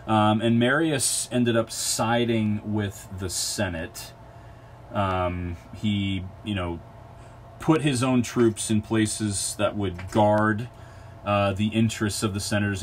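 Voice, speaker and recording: A man's voice: fairly low pitch, a little hiss or hum. A man lecturing on history in an unscripted way, full of ums and uhs and self-corrections. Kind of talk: recorded college lecture.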